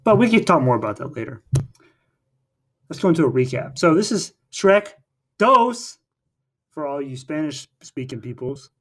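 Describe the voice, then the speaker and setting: A man's voice: a little high, sing-song, normal speed, long pauses. A man co-hosting a casual film podcast, recapping the plot in a rambling way with many fillers and restarts. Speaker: podcast co-host.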